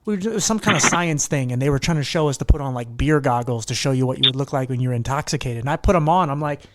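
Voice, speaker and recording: A man's voice: medium pitch, rapid-fire, background noise. Sarcastic man hosting a casual chat. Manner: sarcastic, swears freely. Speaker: podcast host.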